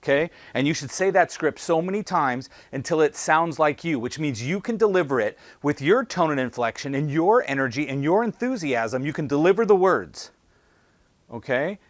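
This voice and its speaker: A man's voice: fairly high pitch, normal speed, dry recording. A man giving a sales training talk, asking punchy rhetorical questions and acting out callers and salespeople. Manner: animated, acts out callers and salespeople.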